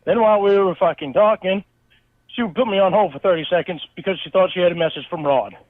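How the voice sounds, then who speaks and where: A man's voice: high voice, quick pace, no room sound. Angry, cursing man on a tinny phone line. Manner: angry, profane, stammering restarts. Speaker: caller in a recorded phone call. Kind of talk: heated phone conversation.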